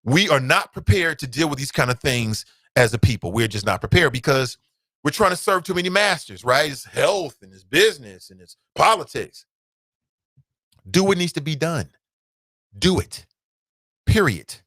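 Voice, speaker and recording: A man's voice: a little high, very animated, normal speed, a bit bright, no echo. Blunt, fired-up male talk show host. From United States. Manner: blunt, fired-up ranting with swearing. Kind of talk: opinionated solo commentary.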